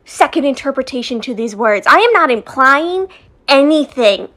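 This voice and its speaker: A woman's voice: high-pitched, lively intonation, normal speed, a bit bright. A woman talking in a short social video monologue, with a condescending and emphatic delivery. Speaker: online video creator.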